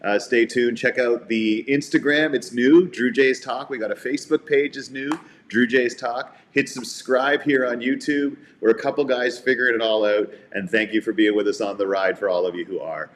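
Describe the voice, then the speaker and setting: A man's voice: medium pitch, steady tone, moderate pace, few pauses, a little hiss or hum. A man co-hosting a sports podcast, telling stories in a casual, heartfelt way. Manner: warm storytelling, heartfelt. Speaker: podcast co-host.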